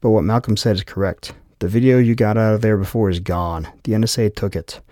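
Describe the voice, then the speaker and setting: A man's voice: lowish voice, fairly quick, dark tone, no echo, studio quality, lightly acted. A man voicing a determined female captain who speaks firmly and persuasively. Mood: earnest. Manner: resolute, persuasive. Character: determined woman ship captain, firm and commanding.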